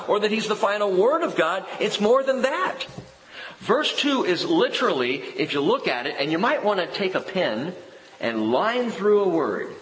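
A male pastor preaching a sermon, animated and expressive, often dropping his voice low and soft for emphasis. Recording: echoey hall with long reverb.

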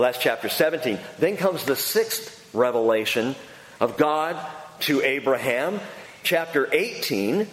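A man preaching a sermon, telling the story with animated delivery and acting out voices. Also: medium pitch. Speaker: pastor. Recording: echoey hall reverb.

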